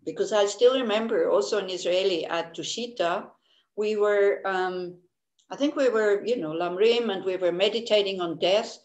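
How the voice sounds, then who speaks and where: A woman Buddhist teacher speaks candidly in a casual dharma talk, often laughing and stumbling over her words. Her voice sits at a middle pitch for a woman. The room around her is echoey. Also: moderate pace, darkish tone.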